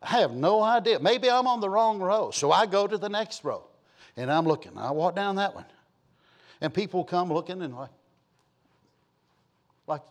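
A man's voice: sits high, animated, normal speed. Folksy preacher man. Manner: folksy storytelling, rising to emphatic preaching. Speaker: pastor. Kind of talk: sermon.

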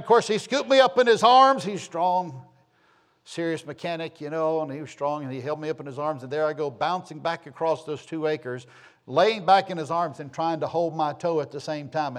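A man's voice: on the high side, moderate pace, a bit bright. A middle-aged man from the southern United States tells a rambling, homespun personal story with self-deprecating humor.

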